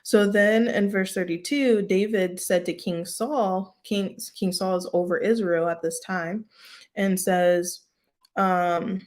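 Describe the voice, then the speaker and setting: A woman teaching a casual Bible study in a chatty way, full of "like" and "um" and quick laughs. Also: mid-range voice, steady tone, darkish tone. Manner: chatty, lots of "like" and "um", laughs often.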